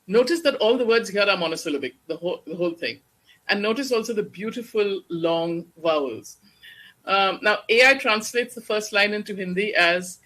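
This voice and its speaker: A lecturer with a bright, clear-edged tone speaks at a steady mid pitch. The delivery is measured and explanatory, like an academic lecture to an audience. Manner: measured, explanatory, slows down to recite verse. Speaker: guest lecturer on Shakespeare.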